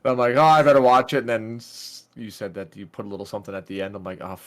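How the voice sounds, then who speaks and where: A man's voice: on the low side, fast talker. Young man, podcast co-host, casual chat, laughs a lot, swears freely. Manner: laughing, swearing, animated storytelling.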